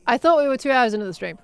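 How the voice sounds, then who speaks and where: Woman, young adult, game streamer, rambling casual chat, slightly high voice, gravelly. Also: no room sound. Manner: chatty, rambling, giggly asides. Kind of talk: rambling live gameplay chat.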